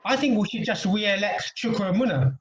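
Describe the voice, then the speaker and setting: Guy with a high voice doing dry political one-liners, dull echoey zoom audio. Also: a little fast, a little hiss or hum. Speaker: comedian. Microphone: video call.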